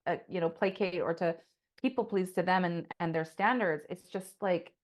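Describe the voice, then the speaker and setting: A lowish-voiced woman talks at a normal pace while co-hosting a podcast. She rambles passionately through a casual monologue, swearing a lot and filling it with "like."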